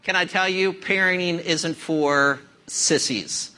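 Pastor, male, slow folksy sermon delivery, bright and crisp voice. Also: high voice. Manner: folksy storytelling with a joke.

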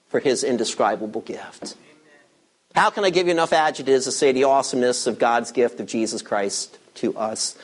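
High-voiced emphatic preaching man. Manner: emphatic preaching, swinging between loud and hushed; conversational, teasing asides to the congregation. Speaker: pastor. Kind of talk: sermon.

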